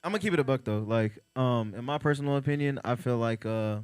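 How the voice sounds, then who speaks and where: A man gives his view in a relaxed, measured way. He speaks at a middle pitch. His voice is close and dry, with no room sound. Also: smooth, no room sound. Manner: laid-back, measured, hedges with fillers. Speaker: podcast co-host. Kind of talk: casual chat.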